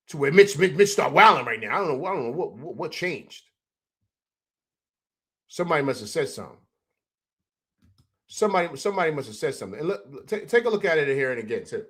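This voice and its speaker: Animated man talking sports, lively pitch. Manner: excited, animated, repeats "man" and "you know what I'm saying". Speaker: host of a postgame livestream. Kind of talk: casual sports commentary over highlights.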